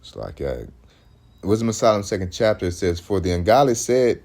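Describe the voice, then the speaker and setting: A man's voice: on the low side, very animated, brisk, darkish tone. A man, preaching in loose street talk that rambles, restarts often and hits points with emphasis.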